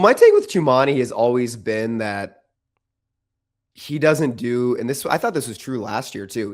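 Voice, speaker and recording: Guy breaking down his team's play on a podcast, opinionated, lots of likes and restarts, ordinary voice. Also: mid-range voice. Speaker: podcast co-host. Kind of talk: casual sports chat.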